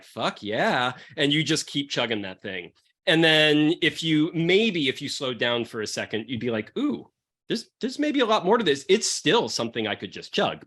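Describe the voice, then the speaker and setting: A man's voice: medium pitch, sharp tone. A man hosting a podcast, chatting loosely and profanely about wine. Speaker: podcast host pairing wines with comics. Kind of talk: casual chat.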